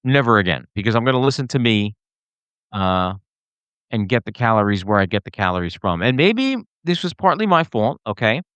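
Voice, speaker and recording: A man's voice: fairly low pitch, brisk, smooth, dry recording, muffled recording. A man hosting a podcast, ranting casually to camera with lots of fillers and restarts. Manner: animated, rambling with many fillers and restarts. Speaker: podcast host. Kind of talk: casual solo rant to camera.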